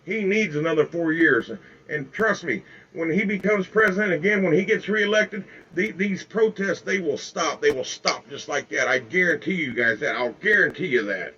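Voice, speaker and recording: A man's voice: a little high, expressive, normal speed, sharp tone, slightly rough, lo-fi sound. Angry older man ranting to viewers. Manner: angry, repetitive, folksy, addresses viewers as folks. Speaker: political video blogger. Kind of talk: impassioned direct-to-camera rant. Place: home with flags in the background.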